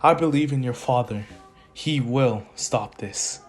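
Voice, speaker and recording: A man voicing a worried mother who speaks slowly and half in a whisper. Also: mid-range voice, faint music behind, lightly acted. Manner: slow, hushed, half-whispered. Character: worried soft-spoken mother, hushed.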